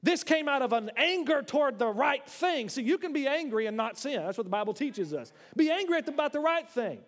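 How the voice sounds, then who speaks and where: A man delivers a sermon with emphatic, impassioned force, his voice sitting notably high. The sound carries a long reverb tail from a large church hall around him. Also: big pitch swings, a little fast. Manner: emphatic, rising to impassioned declarations with jokes. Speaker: preacher.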